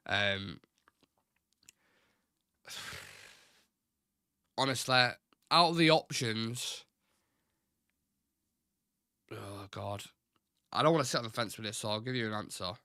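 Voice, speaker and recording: Young Mancunian man, bright casual voice. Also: fairly low pitch, slow, pauses often, dry recording, clean studio sound. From Manchester, England. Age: 20s. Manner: casual, blunt, swears freely, reads out chat questions. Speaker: fan channel host. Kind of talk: live stream chat reading viewer comments.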